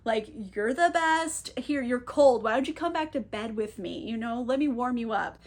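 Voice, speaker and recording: A woman voicing a gentle young woman who speaks softly and soothingly. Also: a little high, expressive, moderate pace. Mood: tender. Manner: soft and soothing.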